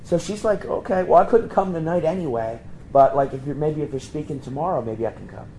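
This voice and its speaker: Animated preacher man telling a story. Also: fairly quick, a little hiss or hum, poor audio. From Pennsylvania. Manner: animated, acts out quoted voices with sudden high jumps. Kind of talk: storytelling sermon.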